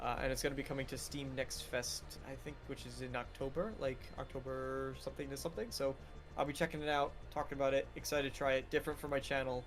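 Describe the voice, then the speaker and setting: A man's voice: medium pitch, little pitch movement, fast talker, music in the background. A man chatting loosely as a guest co-host on a gaming podcast. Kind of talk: casual podcast chat.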